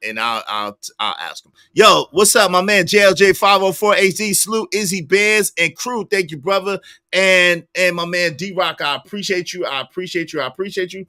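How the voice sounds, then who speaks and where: A man's voice: fairly high pitch, no room sound, studio quality. A man hosting a live stream, greeting viewers by name, reading chat comments aloud and arguing his points emphatically. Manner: animated, argues points emphatically. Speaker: livestream host.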